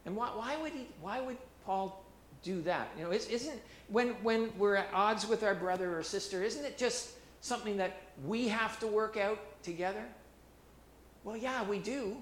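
High-voiced emphatic male preacher. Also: moderate pace, roomy sound, a little hiss or hum. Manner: animated, emphatic preaching with repetitions and restarts. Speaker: pastor. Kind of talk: sermon.

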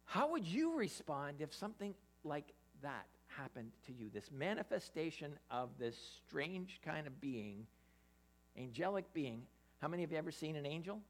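A preacher giving an interactive Bible sermon, animated, often stammering and restarting while putting questions to the listeners. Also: mid-range voice, normal speed. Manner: animated, quizzes the audience.

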